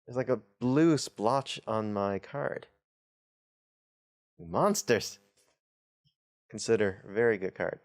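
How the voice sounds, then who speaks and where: A man talks through a card-pack opening in a relaxed, chatty way. He reads card text aloud and breaks off for wry asides. His voice sits a little low. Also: slow pace, pauses often. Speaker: host of a tabletop channel. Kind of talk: casual unboxing commentary.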